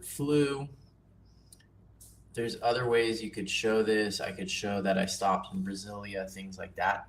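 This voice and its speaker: A man casually teaching nature journaling on a livestream, relaxed and chatty with self-deprecating asides. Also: lowish voice, vocal fry, a little hiss or hum.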